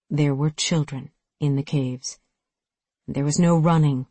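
A narrator reading a sci-fi action novel aloud, in steady, dramatic storytelling. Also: mid-range voice, unhurried, dry recording. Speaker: audiobook narrator. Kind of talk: scripted narration.

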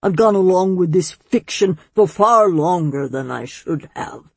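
A pompous, ancient swamp monster, as a woman reading a storybook puts him on, lecturing in a mild, grand way. His delivery is slow and a little husky. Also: fairly low pitch, animated, darkish tone, no room sound, full character voice.

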